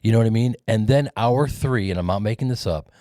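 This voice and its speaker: A man in his fifties, a guest actor and comedian, telling animated showbiz stories in a radio studio on a studio mic. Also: on the low side, fairly quick, no echo. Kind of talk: animated storytelling. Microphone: studio microphone.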